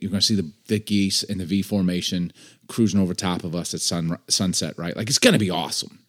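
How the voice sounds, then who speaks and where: Guy on a podcast in a studio, lowish voice, animated and jokey, casual chat. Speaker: podcast co-host.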